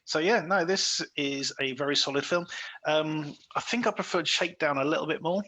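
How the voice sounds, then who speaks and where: Male podcast co-host, bright husky voice, rambling film chat full of fillers. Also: a little high, moderate pace, rough recording. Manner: chatty, many fillers and restarts, acts out quoted lines. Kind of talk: casual film review chat.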